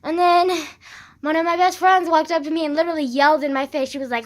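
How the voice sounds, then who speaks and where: High-voiced teen girl ranting while sick. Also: steady tone, fast talker. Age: teens. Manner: swearing, dramatic retelling. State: congested with phlegm. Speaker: vlogger. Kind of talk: casual rant.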